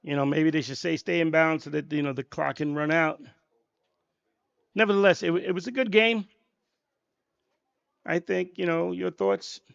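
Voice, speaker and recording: A man's voice: a little high, steady tone, normal speed, creaky, long pauses, smooth, no room sound, lo-fi sound. A man giving color commentary on a live football game, rambling with many "you know" fillers.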